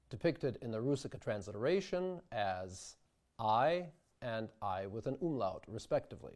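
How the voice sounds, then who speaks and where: A man teaching sung diction, speaking slowly and carefully and demonstrating vowel sounds aloud. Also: on the low side, big pitch swings, darkish tone, faint music behind. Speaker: diction instructor. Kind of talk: instructional video lesson.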